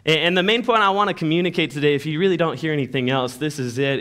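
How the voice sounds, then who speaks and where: A young man preaching a sermon as pastor in a church, in a conversational, animated way with many restarts. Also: fairly high pitch, quick pace, hardly any pauses, smooth.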